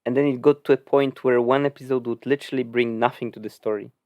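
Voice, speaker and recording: A man's voice: medium pitch, fairly even intonation, quick pace, dry recording, highs cut off. A man co-hosting a casual podcast, chatting loosely with many "like"s and restarts. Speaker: podcast co-host. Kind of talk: casual chat.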